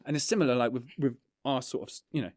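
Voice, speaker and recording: A man, a documentary filmmaker, talking in a relaxed, rambling way on a casual podcast, full of fillers and swearing. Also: mid-range voice, fast talker, no room sound, studio quality. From England.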